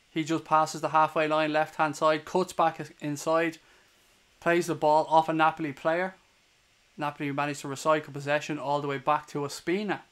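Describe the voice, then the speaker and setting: A man's voice: on the high side, fairly bright tone, smooth. Irish guy calling a match live. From Ireland. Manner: swears hotly at opposing players. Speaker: fan watchalong streamer doing live commentary. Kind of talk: live play-by-play commentary to a stream chat.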